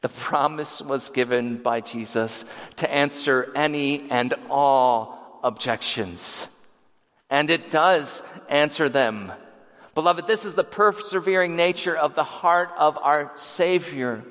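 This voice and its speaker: A man's voice: fairly high pitch, slow pace, a bit bright. A male preacher delivering a sermon with rising, repeated emphatic phrases, then leading a closing prayer. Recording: reverberant hall.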